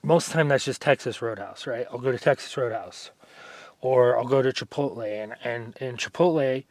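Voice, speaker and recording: A man at a middle pitch talks casually through his workout, rambling from one story to the next with plenty of fillers. His voice is close and dry, with no room sound around it. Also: moderate pace, dry recording. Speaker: fitness vlogger. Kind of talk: casual vlog chat during a workout.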